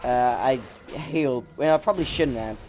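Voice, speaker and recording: With faint music behind him, the man speaks at a normal speed in a mid-range voice with a darkish tone. He rambles over his play, laughs at his own expense, and his voice cracks from time to time.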